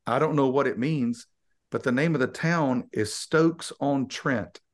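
A man co-hosts a podcast, teasing his friends and telling stories in a relaxed way. His voice sits in a middle pitch. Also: measured pace. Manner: teasing, storytelling. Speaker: podcast co-host and preacher. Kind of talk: casual chat.

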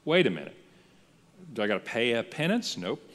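A man preaching a sermon as a pastor, in a conversational, lively style that acts out the voices he quotes. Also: mid-range voice, brisk, in a large hall. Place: church.

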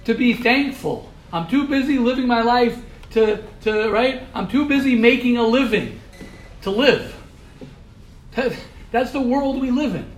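A man's voice: high-pitched, roomy sound, slight background noise, rough recording. A man giving an informal morning sermon to a small group of young men, repeating his points and asking them questions. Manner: repetitive, emphatic, coaxing questions to listeners. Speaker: rabbi giving a morning class. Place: room with a small live group.

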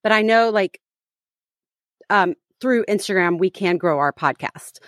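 A woman's voice: medium pitch, a little slow, fairly bright tone, no echo, clean studio sound. A woman in her thirties co-hosting a podcast in casual chat, teasing and rambling with lots of fillers and restarts. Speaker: podcast co-host.

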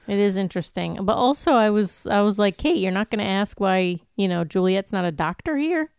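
Smooth-voiced female podcast co-host. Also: mid-range voice, expressive, fairly quick, a little mellow, no echo, clean studio sound. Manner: playful, chimes in with jokes and agreement. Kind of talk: casual episode recap.

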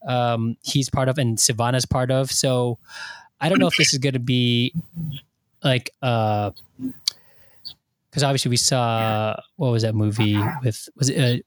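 A man's voice: medium pitch, measured pace, long pauses, no echo. Guy rambling about a movie, lots of ums and restarts, dry close mic. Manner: rambling, animated retelling with many fillers and restarts. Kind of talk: casual chat.

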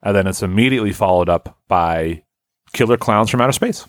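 A man's voice: on the low side, fairly quick, dry recording. A man co-hosting a casual podcast chat, with dry, wry humor. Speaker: podcast co-host.

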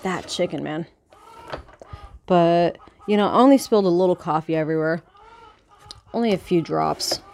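A young woman vlogging casually by her chicken coop, rambling and swearing as she hushes her hens. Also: fairly low pitch, vocal fry, a little hiss or hum. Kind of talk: casual chat while reading aloud. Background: faint chicken clucking.

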